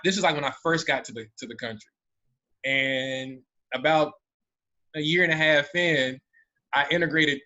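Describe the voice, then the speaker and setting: Panelist, American man, animated storyteller, tense bright tone, muffled recording. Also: medium pitch. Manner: animated, with many restarts. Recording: dull lo-fi audio.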